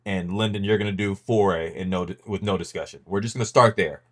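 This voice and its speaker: A man with a fairly low voice hosts a casual sports podcast. His talk is loose and rambling, full of ums and stop-start restarts as he runs the segment and hands off to his co-hosts. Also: fast. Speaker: podcast host leading a rankings reveal.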